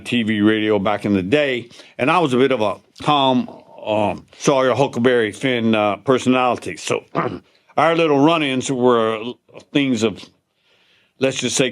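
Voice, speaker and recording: A man's voice: medium pitch, clear, resonant tone. A man from Louisiana with a Southern accent, hosting a podcast and telling humorous stories in a casual chat. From Louisiana, USA. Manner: humorous storyteller, acts out the people in his stories. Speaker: podcast host.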